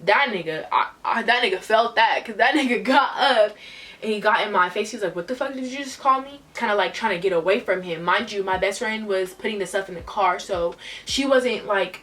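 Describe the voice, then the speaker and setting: A woman's voice: medium pitch, fairly quick, fairly bright tone, distant mic. A young woman telling a storytime vlog in a casual, profane, emotional way. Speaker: vlogger. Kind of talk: storytime retelling.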